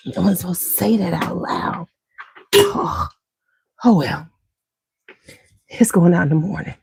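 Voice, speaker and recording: A woman's voice: fairly low pitch, lively intonation, measured pace, gravelly, pauses often, darkish tone, breathy edge, no echo. A woman hosting a beauty channel, chatting casually and scattered with viewers and greeting them by name. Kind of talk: casual chat with live viewers.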